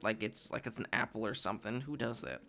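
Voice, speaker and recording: A man's voice: lowish voice, fast talker, gravelly, pushed and bright, soft background music. Laid-back man recapping a comic. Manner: laid-back, laughs often, narrates and reads lines aloud. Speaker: podcast co-host. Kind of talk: casual chat, recapping a comic.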